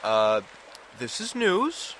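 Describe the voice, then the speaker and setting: A man's voice: sits high, huge pitch swings, drawn-out words, a bit bright, heavily acted. A man playing a badger-headed adventurer in a comedy audio drama, with a joking, breezy manner. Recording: noisy background.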